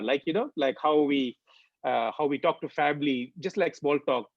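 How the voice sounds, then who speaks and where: Gravelly and fairly high-pitched, this Indian devotional speaker in his 40s narrates a personal testimony at a fairly quick pace, animated and thick with "uh" and "um." The dull, lo-fi recording is dry, without echo.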